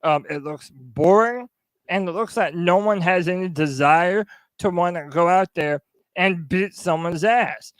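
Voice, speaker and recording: A man's voice: high-pitched, unhurried, dry recording. A man co-hosting a sports podcast, blunt and emphatic as he gives his frank opinions. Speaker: podcast co-host. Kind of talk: casual sports podcast talk.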